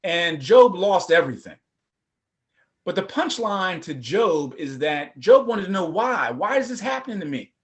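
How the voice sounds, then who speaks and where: A middle-aged man, a former prosecutor, telling his personal story at a forum in a lively, conversational way. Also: high-pitched, unhurried. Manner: animated, conversational, acts out voices.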